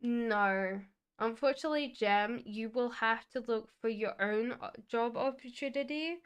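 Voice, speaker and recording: Her voice is fairly high, smooth and a touch slow as she hosts a live tarot reading. She chats easily, reassures viewers by name while answering their questions, and hums during the card shuffling.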